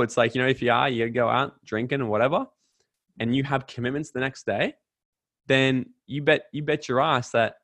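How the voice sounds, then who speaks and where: A podcast guest in his twenties with an Australian accent gives an emphatic, energetic motivational talk, swearing casually. His voice is mid-range, and the recording is dry.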